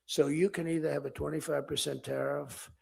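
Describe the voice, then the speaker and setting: A man's voice: a little high, level tone, fairly quick, vocal fry, darkish tone, husky. An older man giving a rambling, repetitive political speech that wanders between asides, acting out conversations as he goes.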